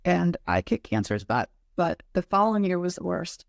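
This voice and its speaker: A woman's voice: lowish voice, very animated, moderate pace, vocal fry, no room sound, studio quality. A middle-aged woman guest on a podcast, telling a candid personal story in an earnest way and acting out her own past reactions.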